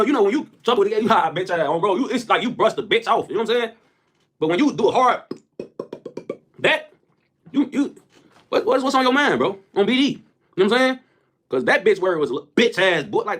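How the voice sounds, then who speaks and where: A young man rants on a livestream in a very high, swooping voice. He talks fast, tells profane stories and laughs often. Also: expressive, fairly bright tone. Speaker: rapper on a livestream. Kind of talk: casual livestream rant.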